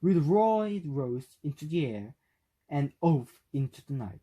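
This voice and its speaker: A man whose first language is Korean reading a novel aloud for speaking practice, at a careful, steady pace. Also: on the high side, measured pace, lo-fi sound. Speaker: reader.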